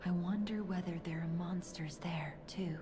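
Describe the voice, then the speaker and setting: A worried, troubled woman haunted by her past speaks in a soft, hushed game voice, played by an actress. Her pitch sits fairly low. Clear music plays behind her in the game audio. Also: steady tone, moderate pace, lightly acted. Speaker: game character at hotel front desk. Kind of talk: scripted game dialogue.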